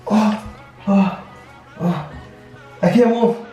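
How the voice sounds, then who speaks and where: A woman's voice: medium pitch, drawn-out words, warm tone. A woman vlogger chatting and squealing in a bathroom, laughing a lot and repeatedly saying she is scared. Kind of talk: excited casual vlog chat. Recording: echoey bathroom with faint music.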